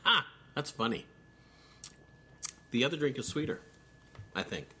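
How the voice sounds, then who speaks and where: Rambling, animated man. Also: mid-range voice, a little slow, a little hiss or hum. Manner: rambling with many fillers and restarts. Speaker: cocktail show co-host. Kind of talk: casual chat.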